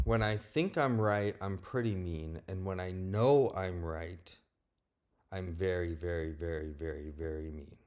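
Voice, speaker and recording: A young man with a deep, low-pitched voice talks straight to the camera in a personal vlog. He is blunt and candid, and he swears freely. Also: unhurried, a little mellow, clear, resonant tone. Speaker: vlogger. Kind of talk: personal monologue.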